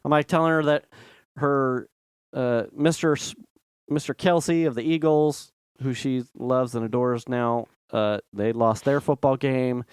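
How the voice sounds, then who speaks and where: A middle-aged man co-hosting a podcast, telling a rambling, animated story in casual chat and acting out quotes. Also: mid-range voice, unhurried, smooth, no echo. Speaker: podcast co-host.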